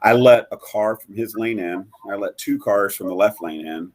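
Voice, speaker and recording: A middle-aged man telling a personal story as a guest in a live interview, halting and earnest, with many fillers and restarts. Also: lowish voice, a little mellow. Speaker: guest, bereaved father.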